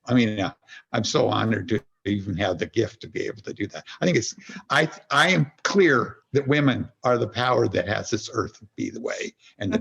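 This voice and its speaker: As a podcast guest, a man with a gravelly, husky, mid-range voice explains his ideas conversationally. He weaves in little stories, acts out an inner voice, and often breaks off to start over, all on somewhat dull, lo-fi audio.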